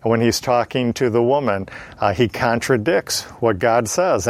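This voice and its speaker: A man's voice: medium pitch, no echo. A man preaching an expository sermon, reading scripture aloud and explaining it verse by verse, with frequent "uh" fillers. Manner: measured teaching delivery with frequent "uh" fillers.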